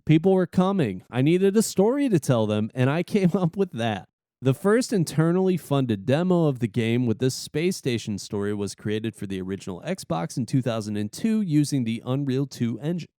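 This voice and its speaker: A man with a mellow, smooth voice reads video game history for a podcast, recorded close and dry. His delivery is easygoing and lively in pitch, and he readily slips into teasing banter. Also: no echo. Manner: easygoing, quick to laugh and tease. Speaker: podcast co-host.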